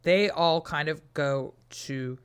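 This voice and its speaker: A woman leading a relaxed history podcast segment in a storytelling style. She is wry and a little profane, dropping into quick asides that act out the historical figures. Her talk is conversational and unscripted. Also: sits low, smooth. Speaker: podcast co-host. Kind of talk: casual history explanation.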